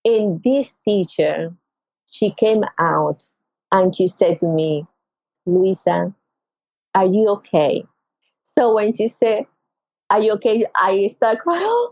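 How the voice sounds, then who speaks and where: Her Venezuelan Spanish accent marks this middle-aged woman from Venezuela, who, as a podcast guest, recounts an emotional personal story at a slow pace. Expressively, she voices the people she quotes with big pitch jumps. There's no echo, and the high frequencies are cut off.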